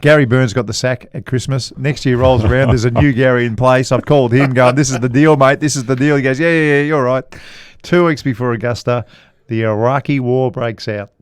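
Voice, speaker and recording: A middle-aged Australian man unspools a meandering golf story, pausing and restarting and chuckling as he goes. His voice sits in a middle register. The sound is close and dry. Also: mid-range voice, steady tone, no echo. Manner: rambling anecdotal storyteller, chuckles often. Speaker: podcast co-host, golf commentator. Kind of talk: casual storytelling chat.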